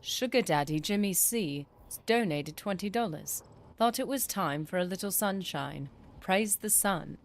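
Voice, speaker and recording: A woman's voice: mid-range voice, lively intonation, unhurried, slight background noise. A woman putting on a hammy British announcer. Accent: put-on British. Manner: hammy, self-mocking. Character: mock British donation announcer.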